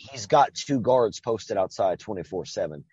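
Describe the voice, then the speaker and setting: A man's voice: on the low side, normal speed, muffled recording. A man co-hosting a podcast, casually retelling a movie with lots of swearing and rambling asides. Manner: profane, rambling, animated retelling. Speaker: podcast co-host. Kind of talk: casual movie-review chat.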